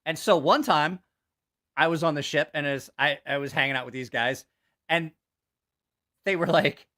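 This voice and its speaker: A channel host with a fairly high voice and a moderate pace delivers crude jokes in an animated, casual livestream manner. He swears without restraint and cracks up at his own punchlines.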